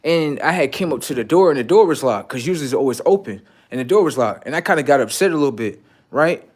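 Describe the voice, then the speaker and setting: A man livestreaming blunt, profane relationship advice, lecturing viewers as "sir" and swinging between loud outbursts and low mutters. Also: lively intonation, fast. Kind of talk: casual livestream monologue.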